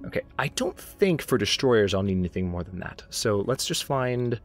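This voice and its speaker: Guy with a lowish voice chatting thru his strategy game, talks to his ships, faint music behind. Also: very animated, moderate pace. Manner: chatty, talks to his units, self-mocking asides. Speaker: let's play host. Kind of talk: casual gameplay commentary.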